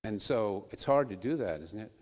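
Man, low voice, informal sermon, conversational storyteller, long hall reverb. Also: lively intonation, moderate pace. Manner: conversational storytelling, with soft trailing asides. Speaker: preacher.

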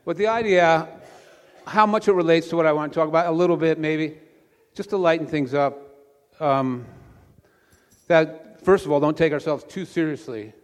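A man preaching as pastor, a relaxed conversational storyteller. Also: fairly high pitch, normal speed. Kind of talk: sermon with a joke. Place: church sanctuary. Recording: long church reverb.

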